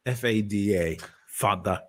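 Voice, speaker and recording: An Irish man talking as a guest in a casual chat, telling stories in an animated way and swearing freely. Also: on the low side, a little slow. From Ireland.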